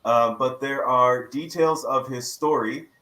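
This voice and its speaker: A man, the show's house attorney, calmly breaking down a legal case on a podcast panel. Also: medium pitch, roomy sound, low-quality recording. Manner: measured legal explanation.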